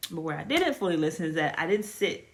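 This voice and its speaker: A woman giving a casual spoken testimony, telling her story in a chatty, animated way with lots of fillers. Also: deep voice, quick pace. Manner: animated storytelling, acts out quoted dialogue; chatty with frequent fillers and restarts. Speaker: testimony speaker.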